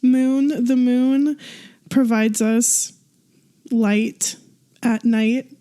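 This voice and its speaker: Woman co-host, warm mellow tone, candid and profane in casual chat. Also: a little high, steady tone, drawn-out words. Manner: candid, swears freely. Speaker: podcast co-host.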